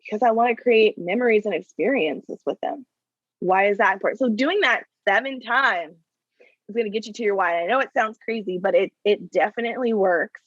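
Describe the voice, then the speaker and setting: A woman's voice: medium pitch, a little fast, dry recording, highs cut off. A woman guest on a podcast who coaches business owners. She speaks earnestly and keeps checking in with "right?" and "you know". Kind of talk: conversational interview answers.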